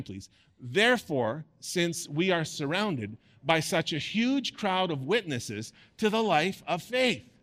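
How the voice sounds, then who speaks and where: A man preaching a sermon to a congregation, animated and playful, with bursts of sports-commentator delivery. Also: sits high. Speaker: pastor.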